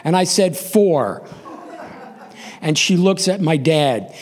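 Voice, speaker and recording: A man's voice: a little high, slow. A man in his sixties from New York, hosting a live storytelling show and acting out the voices in his own story. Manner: animated, acts out quoted voices.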